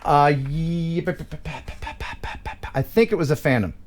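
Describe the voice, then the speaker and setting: An American man hosting a live stream, chatting casually and reading viewer mail, with animated reactions. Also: a little high, a little fast, faint music behind. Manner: animated, laughs and cries out while reacting to clips.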